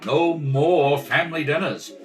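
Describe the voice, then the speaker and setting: A man's voice: fairly high pitch, measured pace, faint music behind, natural voice. A man voicing a sardonic husband in a rehearsal of a radio play, read at a kitchen table. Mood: wry. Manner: sardonic, grumbling. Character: wisecracking husband, dry and reluctant.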